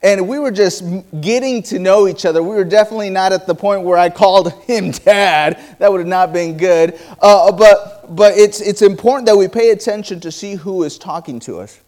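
High-voiced man preaching a sermon. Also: darkish tone. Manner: storytelling with quoted dialogue and halting restarts.

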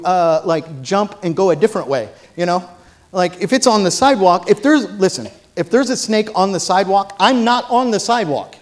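A man preaching a sermon from a church platform, telling funny stories and then rising to loud, emphatic preaching. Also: high-pitched. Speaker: pastor.

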